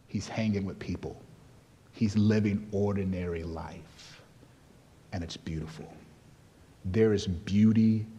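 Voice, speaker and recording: A man's voice: low-pitched, dark tone, a little hiss or hum. A man from Nigeria preaching a sermon as pastor, conversational at times and rising into emphatic exhortation. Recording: long reverb of a large hall.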